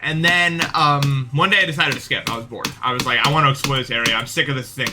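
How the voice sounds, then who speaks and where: A man's voice: mid-range voice, fast, background noise. A young man streaming, telling a long dream in casual chat, rambling with many fillers and restarts. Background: background music.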